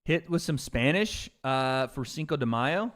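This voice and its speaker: Male streamer, lively pitch, unhurried, slangy, excitable. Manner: excitable, slangy, outbursts of frustration. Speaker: livestream host. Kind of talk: casual livestream chat.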